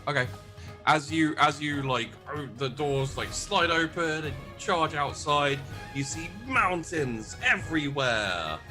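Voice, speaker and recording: A man's voice: fairly high pitch, expressive, measured pace, over music. A man running a tabletop game as game master, describing scenes with many stops and restarts.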